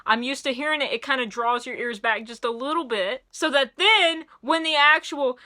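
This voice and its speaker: A young woman rambling excitedly through a casual music review, gushing and sometimes singing along. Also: high voice, normal speed, hardly any pauses.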